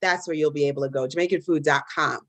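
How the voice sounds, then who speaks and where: A woman's voice: low voice, fast talker, fairly bright tone, dry recording. A woman hosting and moderating a live podcast debate, talking casually with many fillers and restarts and poking fun at herself. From Caribbean diaspora in the US. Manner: chatty, many fillers and restarts, self-deprecating.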